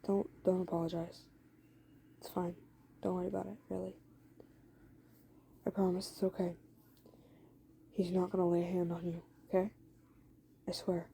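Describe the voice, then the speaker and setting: A woman voicing a gentle, protective teenage boy who quietly reassures a friend in a hushed, soft tone. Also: fairly low pitch, completely flat delivery, measured pace, gravelly, pauses often, slight background noise, poor audio. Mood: reassuring.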